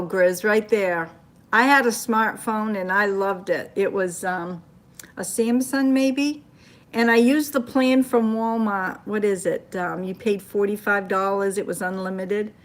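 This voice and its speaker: Older chatty woman from Maine. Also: medium pitch. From Maine, USA. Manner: chatty storytelling, reacting to comments. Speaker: livestream host reading viewer comments. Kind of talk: casual livestream chat. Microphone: phone.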